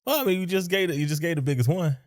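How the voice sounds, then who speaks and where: A man's voice: fairly high pitch, lively intonation, rapid-fire, a little mellow. A man with a rural Southern US accent, co-hosting a casual podcast in a laid-back, easygoing manner. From rural South Carolina, US. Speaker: podcast co-host.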